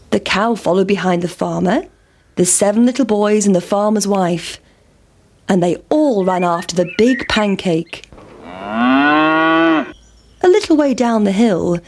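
A woman reading a children's story aloud, slow and clear. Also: mid-range voice, darkish tone, a little hiss or hum.

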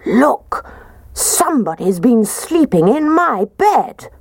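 A woman voicing a big, gruff father bear in a storybook reading. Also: on the high side, very animated, slow pace, no room sound, clean studio sound, voice pushed up, heavily acted. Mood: indignant.

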